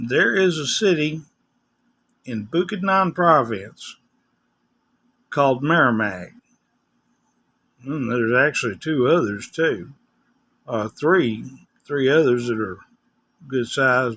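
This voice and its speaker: A man's voice: mid-range voice, a bit bright. An older man with a West Tennessee accent, chatting casually in a rambling, folksy vlog. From West Tennessee, USA. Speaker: vlogger. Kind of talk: casual chat.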